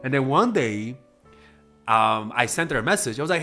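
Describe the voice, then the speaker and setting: A man's voice: medium pitch, lively intonation, normal speed, pushed and bright, faint music behind. A man giving blunt, casual dating advice in a monologue, swearing freely and acting out quoted exchanges in a raised voice. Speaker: dating coach.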